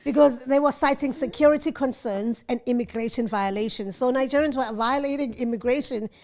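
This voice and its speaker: A woman co-hosting a casual chat podcast, animated and chatty, laughing often and mimicking others. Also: high-pitched, fairly quick. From South Africa. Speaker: podcast co-host.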